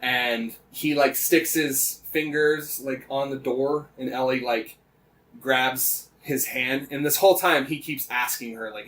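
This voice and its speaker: A man's voice: medium pitch, fairly even intonation, unhurried, fairly bright tone, a little hiss or hum. A man co-hosting a casual podcast, animatedly retelling events with lots of swearing and "like" fillers. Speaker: podcast co-host.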